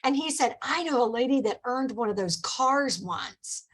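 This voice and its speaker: Upbeat high-voiced woman coaching. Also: expressive, normal speed, low-quality recording. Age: middle-aged. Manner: upbeat, coaching, acts out customer dialogues. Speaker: sales director leading a team meeting. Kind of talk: motivational team meeting talk.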